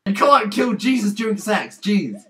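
A man from England chatting on a webcam video, excitable and shrieky, giggling often. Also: sits high, normal speed. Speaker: vlogger.

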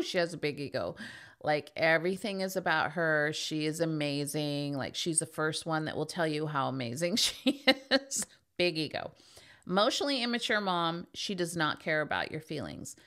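A woman's voice: fairly low pitch, fairly bright tone. A middle-aged woman hosting a podcast in a casual monologue, speaking candidly and with emphasis. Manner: emphatic, candid, acts out quoted voices. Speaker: podcast host.

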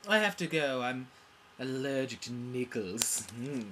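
A woman's voice: very deep voice, animated, measured pace, background noise. A woman playing a pompous, melodramatic soap opera character in an overblown, mock-dramatic parody.

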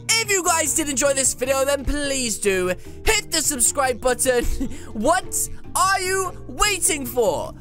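A woman hosting gameplay commentary, animated and playfully bossy, with teasing insults. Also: sits high. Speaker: YouTube gameplay host. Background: faint music.

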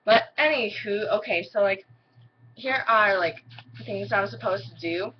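Recorded indoors at home, this young vlogger talks to camera in a loose, giggly ramble packed with "like." She has a mid-range voice and speaks a little slowly. The sound is lo-fi, with slight background noise.

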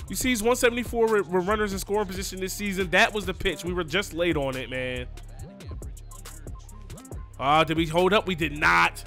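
A man with a high, bright, forceful voice narrates his video game like a sportscaster, hyping up his players as plays unfold. Soft music runs under his talk. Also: a little fast, vocal fry. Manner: excitable, cheers on his players, says "you know what I mean". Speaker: gaming YouTuber. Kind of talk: live play-by-play gameplay commentary.

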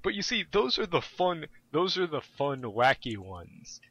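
A young adult man telling stories in casual chat, animated and full of profanity. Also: on the high side, a little slow, slightly rough, no echo. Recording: dull lo-fi audio.

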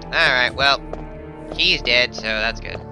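A man playing a video game and chatting casually with friends, bursting into loud exclamations at surprises. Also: mid-range voice, takes it slowly. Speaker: let's play player. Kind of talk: casual gaming commentary. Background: game music.

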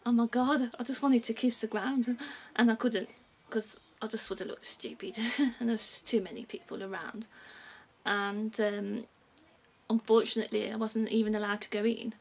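A woman from England with a Brummie accent chats casually to camera in her vlog, rambling, giggling and losing her thread. Her voice sits on the high side with fairly even intonation and a moderate pace. The recording is low quality, with music clearly audible behind her.

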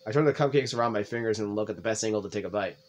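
A man hosting a let's play, reading visual novel narration aloud in a plain, slightly halting way. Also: on the low side.

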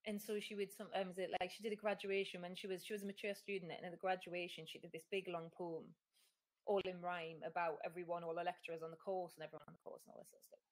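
A woman's voice: fairly low pitch, flat delivery, fast. A middle-aged woman author talking casually in an interview, chatty and self-deprecating, acting out other people's lines as she tells stories. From Newcastle, England. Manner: chatty, self-deprecating, acts out quoted voices. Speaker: picture book author, guest.

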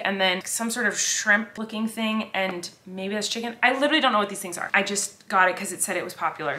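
Woman in her thirties, casual vlog, bright tone, rambling, filler-heavy, hotel room. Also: medium pitch, a little hiss or hum. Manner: rambling and talkative, with many fillers. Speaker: vlogger.

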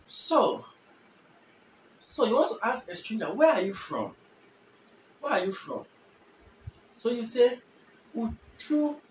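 A high-voiced man teaches beginner phrases, saying each one slowly several times. He sits back from the mic in a roomy, echoing space, with a faint hum of ambience behind him. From Ghana. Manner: repeats phrases slowly for learners. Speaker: language teacher. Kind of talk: language lesson. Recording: echoey room, mic at a distance.

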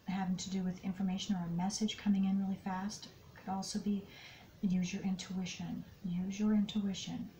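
A woman giving an intuitive tarot card reading, speaking softly and often dropping into whispers. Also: medium pitch, slight background noise, low-quality recording. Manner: soft-spoken, slips into whispers often. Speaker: tarot and astrology reader.

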